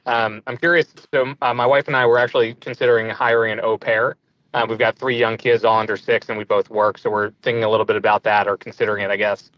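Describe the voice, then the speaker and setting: A man's voice: lowish voice, flat delivery, fast, dry recording, lo-fi sound. A man in his thirties calling in with a question, hesitant with many ums and uhs. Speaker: caller.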